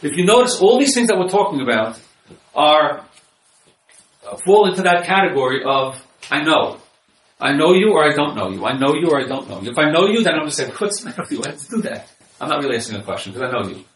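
A man's voice: fairly high pitch, big pitch swings, quick pace, a bit bright. A man who works as a marriage counselor gives an informal lecture with slides and repeats his key points. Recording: echoey room, voice from far off.

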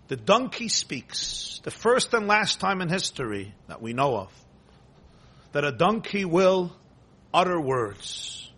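A man's voice: sits high, pushed and bright, husky. A man teaching a Torah class, retelling a scripture story emphatically, quoting the Hebrew and translating it line by line. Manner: emphatic, repetitive, quotes and translates Hebrew text.

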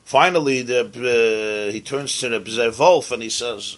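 A man teaching as a rabbi, telling a story in an animated way and dropping Hebrew and Yiddish terms into his sermon. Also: medium pitch, measured pace, hardly any pauses.

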